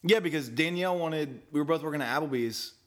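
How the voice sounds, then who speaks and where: A young man co-hosting a podcast, chatting casually in a sarcastic, deadpan way with frequent swearing. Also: fairly high pitch, fast talker. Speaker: podcast co-host. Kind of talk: casual chat.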